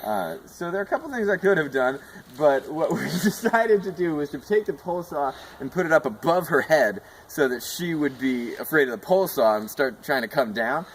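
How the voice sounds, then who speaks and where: A man casually telling a tree-climbing cat rescue story, animated and often laughing as he speaks. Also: a little high, normal speed, few pauses, a little hiss or hum, low-quality recording.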